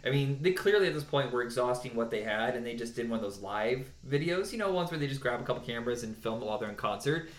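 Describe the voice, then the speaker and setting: Casual male podcast co-host, opinionated and animated, mid-pitched voice, echoey room. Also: quick pace, hardly any pauses. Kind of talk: casual chat counting down songs.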